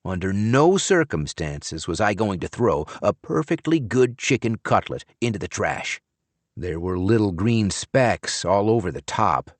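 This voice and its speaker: A man narrating a novel in the first person, wry and expressive. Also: low-pitched, no room sound. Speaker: audiobook narrator.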